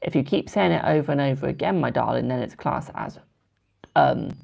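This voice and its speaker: A man's voice: mid-range voice, a little fast, gravelly, a little mellow. A British man doing tarot readings on a live stream, chatting with viewers and calling them "my darling". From United Kingdom. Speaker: tarot card reader.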